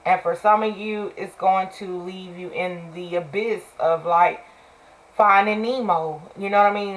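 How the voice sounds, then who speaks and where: A woman's voice: medium pitch, poor audio. A woman in her forties giving a casual tarot reading, talking candidly and bluntly, cursing freely and repeating phrases for emphasis. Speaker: tarot reader.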